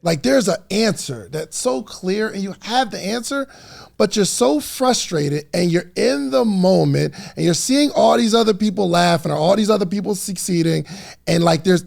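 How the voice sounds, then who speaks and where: A man co-hosting a podcast, telling a funny story in a loose, animated way and voicing the people in it. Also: high voice, creaky. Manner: animated storyteller, voices the people in his anecdote. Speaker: podcast co-host.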